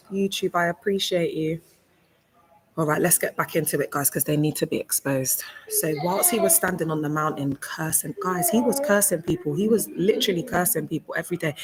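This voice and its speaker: A woman's voice: on the low side, rough recording. Emotional woman livestreaming from hospital. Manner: emotional, rambling, addresses chat by name. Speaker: livestreamer, cult survivor. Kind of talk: casual live-stream talk. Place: hospital room. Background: hospital background noise.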